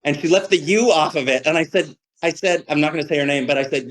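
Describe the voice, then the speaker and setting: Rambling, profane poet. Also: male voice, a little high, fairly even intonation, fast, few pauses, fairly bright tone, low-quality recording. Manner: rambling, profane and self-mocking. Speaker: poet giving a reading. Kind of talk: casual livestream talk about poetry.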